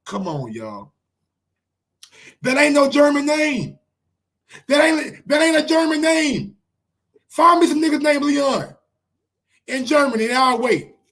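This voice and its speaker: High-voiced man ranting on a live stream. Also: slow, long pauses. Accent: New York. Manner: animated, ranting, asks the chat rhetorical questions. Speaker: sports show host. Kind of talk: casual live-stream commentary.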